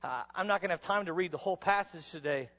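A man preaching a sermon to college students, telling stories dramatically and sometimes rising to a shout. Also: high voice, quick pace. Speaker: chapel speaker. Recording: dull sound with long hall reverb.

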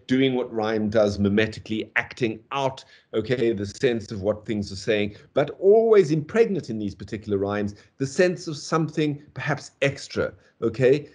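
Lecturing man, lowish voice, filler-heavy. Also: a little mellow. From South Africa. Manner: discursive, frequent "okay" and "whatever" fillers; taps out meter aloud with syllables. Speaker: university lecturer. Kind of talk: literature lecture.

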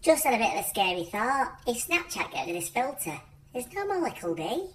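A performer voicing a tiny, chirpy cartoon dumpling through a high-pitched phone filter, rambling chattily in a comic vlog. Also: big pitch swings, a little fast, recorded from a distance, slight background noise. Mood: chatty.

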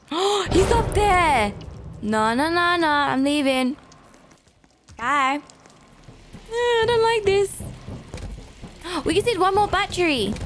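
High-voiced jumpy woman gaming. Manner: jumpy and easily frightened, gasping often. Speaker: gaming channel host. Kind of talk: let's play gameplay commentary.

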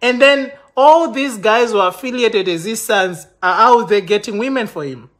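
A man's voice: high voice, moderate pace, fairly bright tone. A man live-streaming an impassioned, accusatory rant to his viewers, stumbling and restarting often. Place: London.

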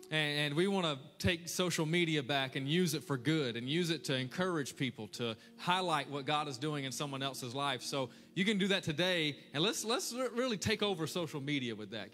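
A man preaching a lively, conversational sermon as a pastor, talking straight to his congregation. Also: fairly high pitch. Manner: energetic, conversational preaching with audience call-outs. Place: large church hall. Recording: echoey church hall with long reverb.

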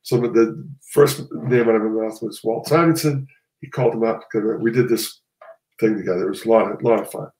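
A man's voice: fairly low pitch, brisk, darkish tone, roomy sound, poor audio. A man, a comic artist guest, talking casually and rambling, often restarting and correcting himself. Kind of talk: casual conversation.

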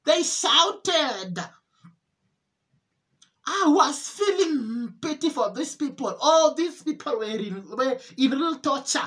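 An earnest woman with a high voice recounts a religious vision as a testimony. She speaks emotionally, repeating and restarting phrases as she goes. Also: animated, a bit bright. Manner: earnest, repetitive, halting. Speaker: testimony preacher.

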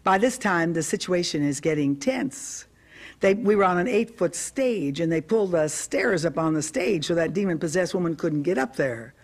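A woman preacher recounts a story from the pulpit in an emphatic, storytelling way. She drops in humorous asides and rises into loud, forceful commands when she quotes herself. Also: on the low side, animated, normal speed. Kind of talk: preaching testimony.

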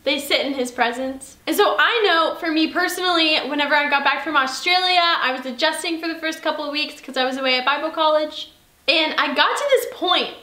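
A woman's voice: sits high, pushed and bright, reverberant. A young woman giving an earnest, chatty youth devotional talk, speaking straight to her listeners. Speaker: youth leader.

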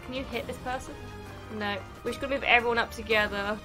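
A young woman commentating her own game play, excitable and prone to swearing. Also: a little high, fast, music in the background. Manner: excitable, swearing, laughing often. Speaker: gaming video host.

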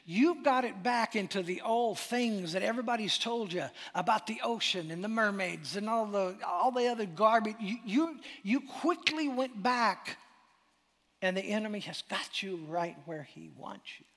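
A man preaching a sermon as pastor, animated and dramatic, dropping to a near-whisper for emphasis. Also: high-pitched, moderate pace. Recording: long hall reverb.

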